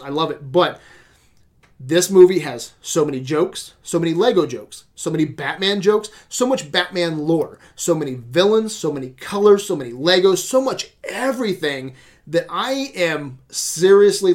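A man's voice: fairly high pitch, expressive, moderate pace. A man ranting about movies on a casual podcast, swearing a lot and sounding exasperated. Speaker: podcast host reviewing movies. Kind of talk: casual profane movie rant.

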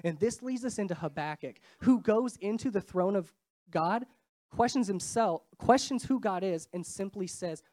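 A young woman giving a casual, chatty sermon, a bit stuffy and nasal from a cold, with quick self-deprecating asides. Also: mid-range voice, expressive, dark tone. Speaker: preacher.

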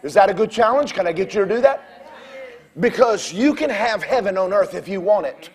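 A man preaching a revival sermon, telling stories, shouting at times and calling for amens. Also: sits high, expressive, brisk.

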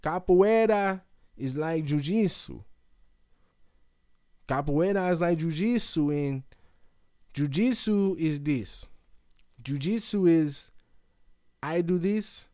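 A solemn martial arts master with a heavy Brazilian accent, as a podcast host puts him on. He speaks in a raised, slow, emphatic voice, laying out his wisdom like proverbs. The recording is dry and close. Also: on the high side, lively intonation, dark tone, dry recording, pitched above the performer's own voice.

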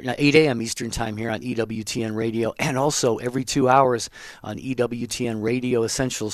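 A man co-hosting a radio talk show, calmly asking questions and reading station announcements. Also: mid-range voice, dry recording. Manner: calm, reads station announcements.

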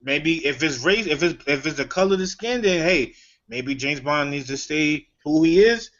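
A man's voice: fairly high pitch, expressive, moderate pace, a bit bright. A man co-hosting a casual chat, joking and using slang. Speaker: podcast co-host. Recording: dull lo-fi recording.

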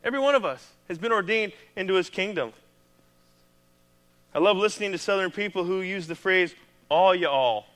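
A man with a Midwestern American accent, a pastor preaching a sermon in a conversational, animated way. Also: sits high, a little fast, pauses often.

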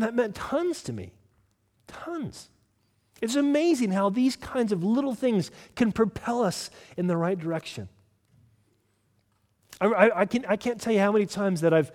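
Preaching earnestly in a voice that sits high, a Southern California pastor alternates between forceful, loud points and quiet, slow asides. The recording carries a big-room sound.

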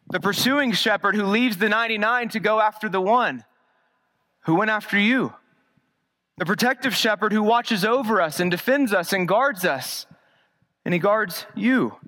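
A man's voice: sits high, sharp tone, low-quality recording. A man preaching a sermon as a pastor, earnest and emphatic, repeating key phrases for weight.

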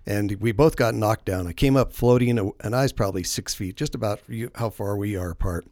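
A man with a fairly low voice hosts a relaxed podcast chat about faith. He tells long, self-deprecating stories, full of fillers and restarts. His voice is close and dry, with no room sound. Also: fairly quick, no room sound. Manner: rambling, self-deprecating storyteller. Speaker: podcast host. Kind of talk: casual faith-based podcast conversation.

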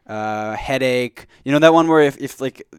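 A man co-hosting a casual podcast, joking quickly and stumbling over restarts. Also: medium pitch, clean tone, dry recording, studio quality. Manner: quick, jokey, stammers on restarts. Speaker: podcast co-host.

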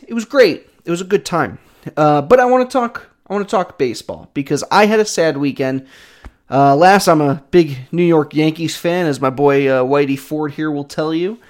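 Animated young man hosting a sports podcast. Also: on the high side, normal speed. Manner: jokey, self-deprecating, rambling with restarts. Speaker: podcast host. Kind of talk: casual sports talk.

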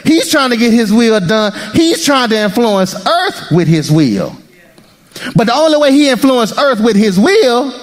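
A male pastor preaching an impassioned sermon, swinging from loud cries to near-whispers and breaking into prayer. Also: high-pitched. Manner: prays aloud mid-sermon.

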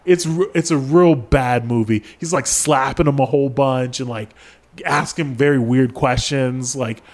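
A man's voice: medium pitch, unhurried. A young man in casual podcast chat, talking in a loose, profane way. He hosts the show and fills his talk with "like". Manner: casual, profane, lots of "like" fillers. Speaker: podcast host.

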